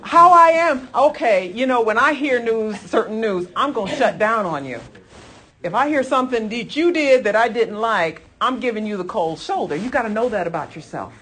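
Lively laughing woman preacher. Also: on the high side, normal speed. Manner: lively, laughing, addresses congregation as folks and honey. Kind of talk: sermon.

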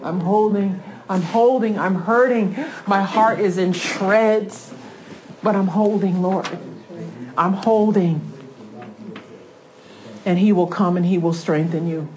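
A woman's voice: lowish voice, a little mellow, low-quality recording. A woman teaching a Bible lesson with fervor, reading scripture aloud and breaking into exclamations of praise.

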